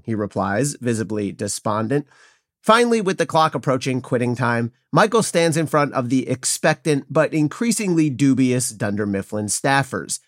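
Male podcast host, wry and opinionated, lively pitch, dry close sound. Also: moderate pace, dry recording. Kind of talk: scripted political commentary.

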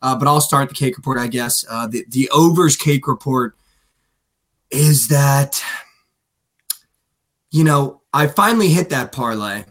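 A man's voice: medium pitch, lively intonation, a little slow, pauses often, a bit bright. Rambling young man telling a story. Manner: rambling storyteller, lots of "like" and "dude". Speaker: podcast co-host. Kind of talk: casual sports betting chat.

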